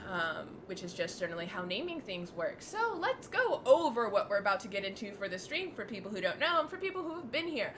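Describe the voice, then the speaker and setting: A woman's voice: mid-range voice, very animated, brisk, hardly any pauses, fairly bright tone, a little hiss or hum. A woman running a tabletop game on a live stream, talking in a blunt, joking, chatty way. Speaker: game master.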